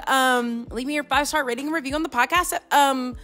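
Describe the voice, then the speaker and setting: A woman's voice: sits high, fairly quick, pushed and bright. A young woman, hosting a casual faith podcast and chatting in a scattered way, recorded on her phone microphone. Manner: chatty and scattered, says y'all a lot. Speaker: podcast host. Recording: phone mic with faint music behind.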